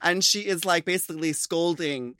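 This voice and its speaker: A man co-hosting a podcast, chatting in an animated, giggly way. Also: fairly high pitch, normal speed, a little hiss or hum. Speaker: podcast co-host. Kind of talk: casual chat.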